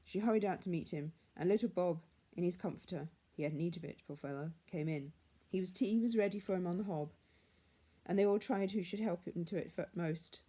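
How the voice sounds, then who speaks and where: Woman reading a classic tale aloud, measured and hushed, mellow low voice. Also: husky. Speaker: reader. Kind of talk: storybook reading.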